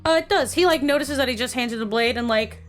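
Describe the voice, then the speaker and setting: A woman's voice: sits high, fast talker, soft background music. A woman running a tabletop game, narrating casually with lots of "like" and "uh". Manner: casual, many fillers like "like" and "uh". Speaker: game master.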